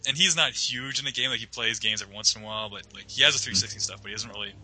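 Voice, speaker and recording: A young man rattles through an anecdote at a quick clip, his voice bright and forceful. He strings his sentences together with "like" and slips into the voices of the people in his story. Music plays faintly behind him. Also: mid-range voice, low-quality recording. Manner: rambling, full of "like", acts out quoted voices. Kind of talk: casual storytelling chat.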